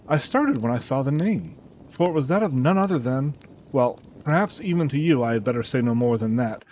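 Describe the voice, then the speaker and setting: Distraught middle-aged banker, formal and earnest, lively pitch, voiced by a male narrator. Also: a little fast, a little hiss or hum, natural voice, low-quality recording. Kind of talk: audiobook character reading.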